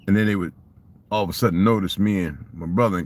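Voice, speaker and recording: A man's voice: low voice, fast talker, darkish tone. An older man telling rambling, profane stories in a casual monologue and asking rhetorical questions. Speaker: vlogger.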